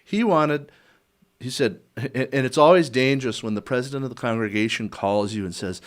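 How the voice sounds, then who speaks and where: A man's voice: medium pitch, normal speed. An older man, a podcast guest, telling a personal story in a conversational interview, acting out the dialogue with chuckles and restarts.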